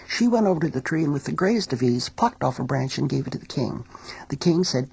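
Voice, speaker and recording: A woman teacher telling a folk tale in a recording studio, as an expressive storyteller. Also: deep voice, vocal fry, breathy edge, no echo, rough recording. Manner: expressive storyteller, sings small refrains slowly.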